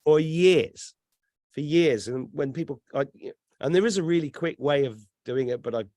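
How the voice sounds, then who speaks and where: A man telling stories in casual podcast chat, animated and swearing freely. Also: fairly high pitch, moderate pace, dry recording, studio quality. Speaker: guest.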